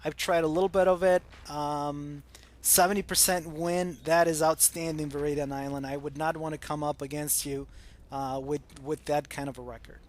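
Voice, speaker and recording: An American man hosting a gaming channel, chatting casually through viewer comments and pausing often with ums and uhs. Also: a little high, fairly even intonation. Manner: hesitant, many ums and uhs.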